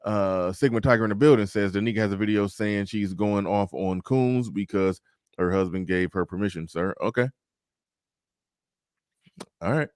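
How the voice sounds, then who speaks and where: A man hosting a casual livestream, reading out viewer comments and chatting in a relaxed way. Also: fairly low pitch, moderate pace, pauses often, no room sound, clean studio sound. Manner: relaxed, reads out super chats. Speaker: livestream host.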